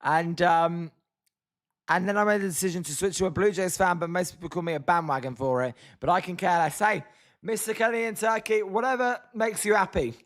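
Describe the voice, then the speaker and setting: High-voiced British man commentating a stream. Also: brisk, fairly bright tone. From Britain. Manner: chatty, reads chat names, groans at the team. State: hoarse, voice tiring. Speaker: livestream host. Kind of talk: casual live watch-along commentary.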